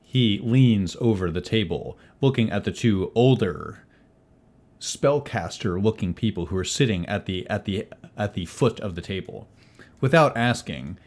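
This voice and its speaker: A man narrating a tabletop role-playing game as game master, theatrical and animated. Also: on the low side, measured pace.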